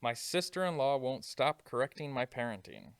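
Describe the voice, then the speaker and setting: A man's voice: mid-range voice, sing-song, moderate pace, gravelly, dry recording. A man co-hosting a podcast, chatting in a laid-back, matter-of-fact way. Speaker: podcast co-host. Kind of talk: casual chat.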